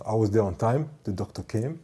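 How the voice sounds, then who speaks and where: A man telling a story from his work as a ship's doctor and department head, in a measured, emphatic way that repeats points for stress. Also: lowish voice, expressive, warm tone, slightly rough. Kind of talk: storytelling monologue.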